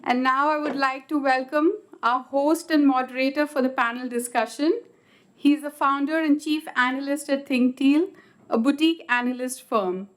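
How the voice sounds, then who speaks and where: A woman's voice: high voice, moderate pace. A woman acting as emcee, making polite, formal introductions. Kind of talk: scripted event announcing.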